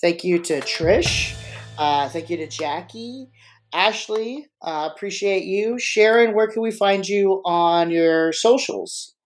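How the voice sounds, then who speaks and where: Soft music plays behind a slow, medium-pitched voice. A freelance marching arts choreographer hosting a live podcast chats casually, rambling, joking, and cutting in on themselves with many restarts.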